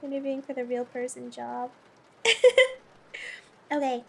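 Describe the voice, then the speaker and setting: Young woman, streamer, casual chat, high pitch, playful, flustered. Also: little pitch movement, a little slow, creaky, warm tone, slight background noise. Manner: playful, flustered, laughs often.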